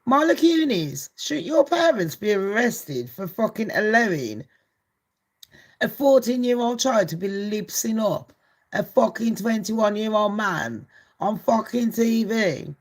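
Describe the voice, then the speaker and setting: A woman's voice: mid-range voice, animated, a little slow. A brash woman chats through celebrity gossip for her channel. She swears freely and laughs often, with a loose, casual delivery.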